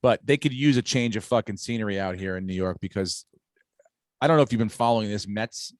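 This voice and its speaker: A middle-aged man chatting casually on a podcast, telling stories in an animated and profane way. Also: lowish voice, a little fast, no room sound, studio quality. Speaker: podcast host. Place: home on Long Island, New York.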